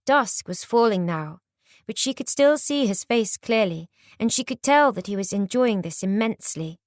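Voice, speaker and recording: This audiobook is told by a woman whose storytelling stays steady and measured. Her pitch is medium, and the recording is studio-grade with no room sound at all.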